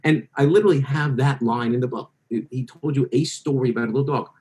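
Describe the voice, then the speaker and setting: A male interview guest with an ordinary middle-pitched voice spins long anecdotes. He wanders, restarts and corrects himself mid-sentence in a relaxed conversational way. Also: quick pace, rough recording. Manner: rambling anecdotal, self-correcting. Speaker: guest author.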